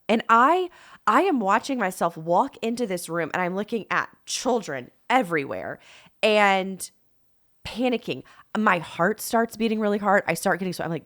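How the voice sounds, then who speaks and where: A middle-aged woman co-hosting a podcast, telling stories in a casual, animated way and acting out the dialogue. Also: mid-range voice, moderate pace. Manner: animated, acts out quoted dialogue. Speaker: podcast co-host. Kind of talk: casual storytelling chat.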